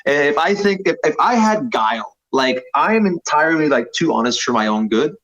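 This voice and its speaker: A jiu-jitsu instructor in his thirties guests on a podcast, rambling casually and self-deprecatingly with lots of fillers. His voice is on the high side and fairly bright, a little fast, with big pitch swings. The podcast audio sounds slightly dull.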